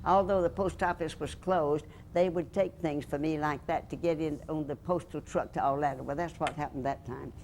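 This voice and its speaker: An older woman reminisces in a low, deep voice, spinning a lively anecdote and acting out the people in it. She talks in a chatty interview manner with a faint hiss of noise behind her. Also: moderate pace, few pauses. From Alabama, USA. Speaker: interviewee, former radio host and reporter. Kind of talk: storytelling reminiscence.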